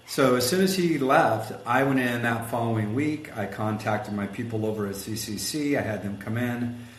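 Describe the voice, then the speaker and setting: A man tells a story in a relaxed interview, animated and a bit rough around the edges, playing every part in his quotes. His voice sits at a middle pitch. The room is roomy and echoey, with a faint hiss behind. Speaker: guest, collision shop executive.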